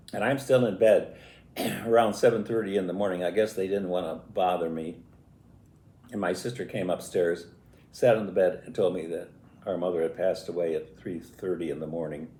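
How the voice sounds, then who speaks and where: A man in his eighties telling stories from his life in a halting, reflective and emotional way. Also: sits low, steady tone, dark tone. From US Midwest. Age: 80s. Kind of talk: personal storytelling. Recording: echoey room.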